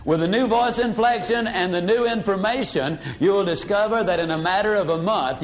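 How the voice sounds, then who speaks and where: An older man teaching a sales seminar in a folksy way, dropping his voice low for emphasis. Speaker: sales trainer. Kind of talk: motivational seminar talk.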